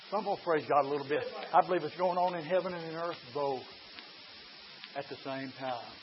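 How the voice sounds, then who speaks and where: A preacher, delivering a fiery revival sermon, folksy and hollering in bursts, sometimes out of breath. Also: male voice, fairly high pitch. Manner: shouts and hollers in bursts, folksy, runs laps while preaching. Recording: dull lo-fi recording with faint hiss.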